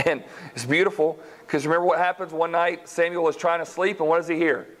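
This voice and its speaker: A man teaching a Bible study class, retelling stories in a lively way and speaking directly to the group. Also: on the high side, brisk, poor audio. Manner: lively storytelling, acts out characters, talks to class directly.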